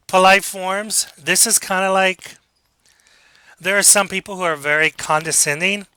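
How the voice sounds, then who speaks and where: A man teaching a communication class, talking through examples in a relaxed, conversational way and acting out quoted lines. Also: fairly high pitch, poor audio. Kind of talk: recorded online lecture.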